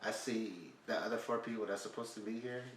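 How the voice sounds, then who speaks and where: Relaxed man chatting in an echoey room. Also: fairly low pitch, fast talker, recorded from a distance. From California. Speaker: podcast co-host, parent. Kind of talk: casual chat. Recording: echoey room, off-mic, faint noise.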